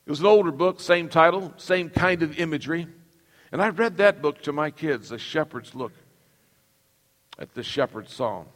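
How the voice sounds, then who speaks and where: High-voiced preacher in an echoing hall. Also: male voice, expressive, moderate pace, a bit bright. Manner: emphatic, calls on the congregation to repeat lines. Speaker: pastor. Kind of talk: sermon. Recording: long reverb of a large hall.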